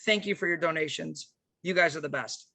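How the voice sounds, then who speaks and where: Upbeat man on a video call rallying donors, high bright voice, dry sound. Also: fairly quick, gravelly, no echo, poor audio. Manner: excited, jokey, thanking donors by name. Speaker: former county party chair running a fundraiser. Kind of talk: upbeat fundraising appeal on a virtual convention.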